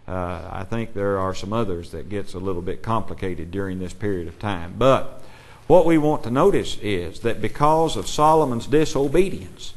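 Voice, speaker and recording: A man leads a Bible class at a steady, even pitch. He asks his students questions and reads scripture aloud in between.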